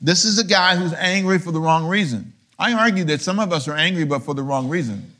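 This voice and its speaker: Middle-aged male pastor, fairly high voice, lively sermon delivery with rhetorical questions. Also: a little fast. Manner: animated preaching, rhetorical questions; swings from low murmurs to loud high emphasis.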